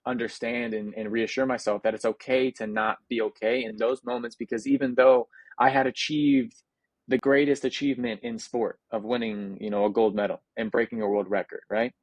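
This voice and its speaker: A young man from the United States, a Paralympic athlete, speaks as a guest in a casual interview, reflective and earnest with frequent restarts and fillers. His mid-range voice is brisk with little pitch movement, recorded without echo.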